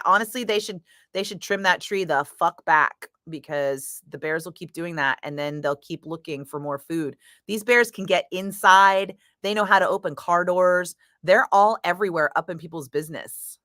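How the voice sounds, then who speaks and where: Bright-voiced woman DJ, swearing storyteller. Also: fairly low pitch, dry recording. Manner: animated, laughing, swears freely. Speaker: radio DJ. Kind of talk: casual storytelling chat between on-air segments. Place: radio studio.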